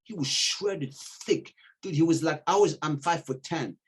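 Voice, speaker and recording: Husky man telling gym stories. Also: on the high side, normal speed. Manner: animated storyteller, acts out quoted voices, swears casually. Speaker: podcast guest telling stories. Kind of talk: casual storytelling chat.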